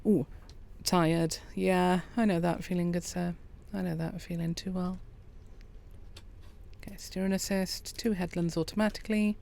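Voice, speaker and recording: Calm woman streaming a game, soft and easygoing, a touch of vocal fry. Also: fairly low pitch, unhurried. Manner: quiet, relaxed, chats with viewers. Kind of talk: calm gameplay commentary.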